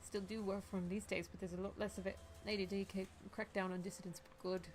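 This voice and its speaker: A woman's voice: mid-range voice, level tone, fast talker, a little mellow, close to an everyday voice. A woman voicing a tough, brash female mercenary with a shotgun, putting on a swaggering, blunt accent. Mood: gruff storytelling.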